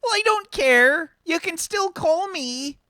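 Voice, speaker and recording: A woman voicing a doting, scolding older mother, gushing and nagging in a high voice. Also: animated, takes it slowly, bright, forceful tone, dry recording, studio quality, heavily acted.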